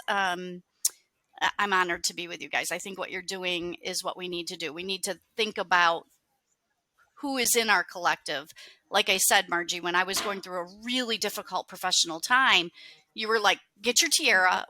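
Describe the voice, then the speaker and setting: A woman guest on a relaxed podcast, speaking with eager enthusiasm and firm emphasis. Her voice is bright, and the recording is dry and close. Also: medium pitch, dry recording. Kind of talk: casual podcast chat.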